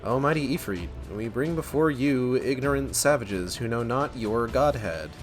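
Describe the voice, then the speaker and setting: Give a fanatical reptilian priest, played by a man, a hushed and fervent voice. His prayers come low and quick with lively pitch. Faint game music sits behind him. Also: lightly acted. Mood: zealous.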